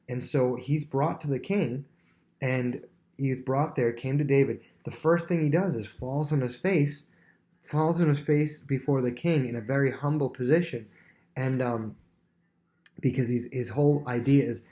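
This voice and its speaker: A man teaching a Bible lesson to students, telling the story in a lively way and acting out the characters' words. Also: mid-range voice, moderate pace. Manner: animated storyteller who acts out quotes.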